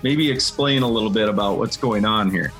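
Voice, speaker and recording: A man's voice: lowish voice, a little fast, a bit bright, faint music behind. A man co-hosting a podcast, laughing and chiming in with short remarks. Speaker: podcast co-host. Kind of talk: casual chat. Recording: roomy echo.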